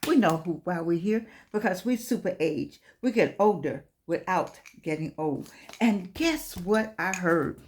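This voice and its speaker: An older woman giving an inspirational talk, telling stories in an animated, preacher-like way and repeating her phrases for effect. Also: on the low side, unhurried. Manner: animated preacher-like storytelling with repetition. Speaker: host.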